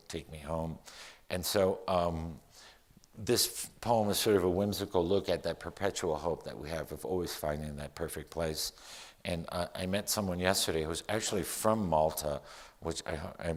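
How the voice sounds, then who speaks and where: A man from Miami, a poet, gives a relaxed, wry talk and reads a poem with lively emphasis before a live audience. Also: low-pitched. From Miami, United States. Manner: relaxed, wry, self-deprecating humor. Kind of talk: public talk and poetry reading.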